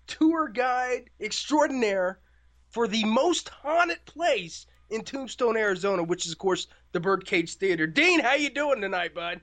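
A boisterous radio co-host with a Midwestern Indiana twang and a notably high voice. He keeps the banter loose, calls everyone brother, and carries a sharp, bright tone. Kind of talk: paranormal radio show banter.

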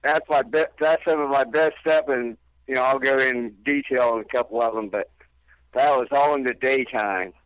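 Man, smooth mid voice, calm caretaker guest, dull dry phone-in sound. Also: mid-range voice, normal speed, no room sound. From Indiana. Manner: plain, matter-of-fact storyteller. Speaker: guest, theater caretaker and tour guide. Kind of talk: radio interview.

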